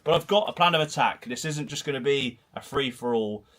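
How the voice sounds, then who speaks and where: A man's voice: mid-range voice, brisk, a bit bright. Male host in his thirties with a Herefordshire and Gloucestershire accent, chatty and rambling, streaming from a small home room. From Herefordshire, England. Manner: rambling, chatty, self-deprecating. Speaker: host of a football channel livestream. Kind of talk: casual solo livestream chat, reading comments. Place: small dark home room full of football shirts.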